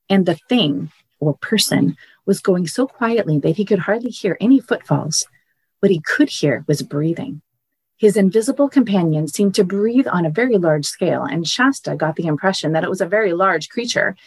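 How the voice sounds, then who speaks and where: A woman's voice: lowish voice, creaky, slightly rough, no room sound. A woman reading a storybook passage and then explaining it as a podcast guest, tearful and hesitant. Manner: hesitant, restarts often when explaining. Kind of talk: storybook reading and casual chat.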